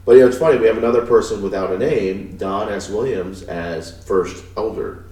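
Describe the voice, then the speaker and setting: A man's voice: fairly low pitch, brisk, mellow, far from the mic. A man co-hosting a podcast, reviewing TV episodes in a rambling, casual way with frequent restarts. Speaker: podcast co-host. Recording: echoey room, off-mic, faint noise.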